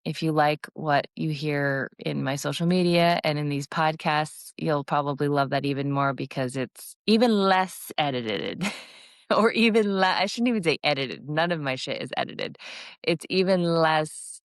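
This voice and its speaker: This podcast host is a middle-aged woman with a low voice who speaks at a measured pace, and the recording has no echo. Alone at the mic, she talks candidly and casually, wandering from point to point and cursing without restraint.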